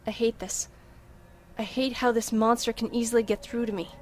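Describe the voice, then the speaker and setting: A woman's voice: on the high side, flat delivery, moderate pace, slight background noise. A woman reading the first-person narration of a story game aloud, dramatic and tense, with the odd slip. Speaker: let's-play reader.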